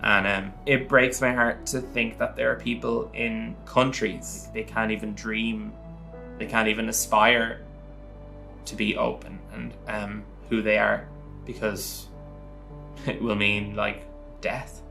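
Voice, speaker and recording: Irish man, gravelly and bright, pretty flat delivery, earnest. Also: fairly low pitch, slow pace, soft background music. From Ireland. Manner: earnest, reflective. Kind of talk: personal testimony to camera.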